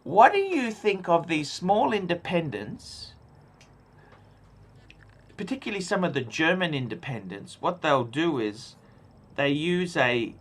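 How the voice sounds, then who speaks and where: A man from Australia hosts a casual livestream, talking in a rambling, excitable way. His voice sits high and rings bright and forward. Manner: excitable, rambling, reads out donations. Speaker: livestream host. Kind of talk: casual watch-talk livestream.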